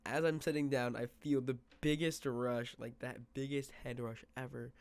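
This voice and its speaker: A man's voice: medium pitch, little pitch movement, normal speed. A young man telling a rambling storytime, full of fillers and quoted asides, sometimes dropping to a whisper. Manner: drops to a whisper for quoted thoughts. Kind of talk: casual storytime vlog.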